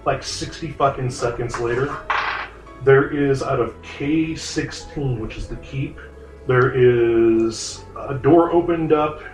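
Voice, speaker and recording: A male game master narrating a tabletop game in a loose, casual way, swearing freely and rambling through his asides. His pitch is ordinary for a man, with faint music behind him. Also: slow pace.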